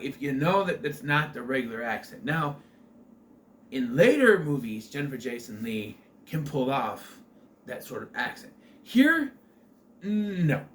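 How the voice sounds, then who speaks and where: A man's voice: medium pitch, a bit bright, slight background noise. A man giving a casual spoken film review, rambling, with many fillers and restarts.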